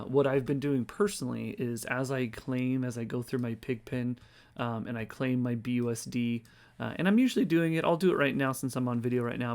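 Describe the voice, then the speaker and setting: Tired guy rambling thru his screen, reading numbers out loud, mid-pitch voice. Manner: rambling, thinks aloud, reads numbers off screen. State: tired, yawning. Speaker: crypto video host. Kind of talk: casual screen-share walkthrough.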